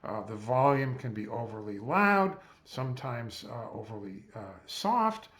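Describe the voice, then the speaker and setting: A man, a physician, giving a measured, explanatory lecture over slides while seated at a close mic. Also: mid-range voice, expressive, a bit bright. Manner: measured, explanatory, spells out terms.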